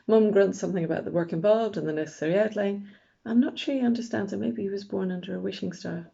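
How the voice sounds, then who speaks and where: A woman reading a novel aloud in a wry, deadpan first-person narration, in a dull lo-fi recording. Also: mid-range voice, quick pace, gravelly, husky. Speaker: audiobook narrator.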